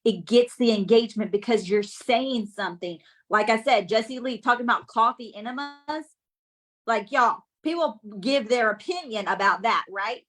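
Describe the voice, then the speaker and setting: A woman giving a lively business coaching talk on a live stream, often checking in with her audience. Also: a little high, normal speed. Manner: energetic, keeps checking in with the audience.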